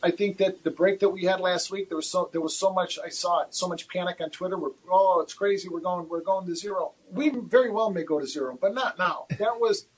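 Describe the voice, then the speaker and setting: A man, a guest futures trader, answering livestream questions in a candid, animated, self-deprecating way, often repeating his words. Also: high-pitched, fairly quick, hardly any pauses, husky, rough recording.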